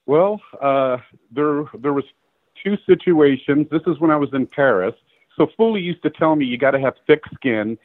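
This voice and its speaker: A man's voice: a little high, moderate pace, no room sound. A middle-aged man, a photographer, telling stories in a casual interview and acting out the dialogue of the people in them. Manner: animated storyteller acting out quoted dialogue, laughing. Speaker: guest photographer. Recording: dry tinny phone-like line.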